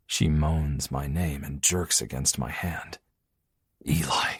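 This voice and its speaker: A man reads a first-person romance audiobook in a very deep, husky voice. His delivery is low, intimate and measured. The recording is close and dry. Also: fairly even intonation, a bit bright, no echo. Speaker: audiobook narrator.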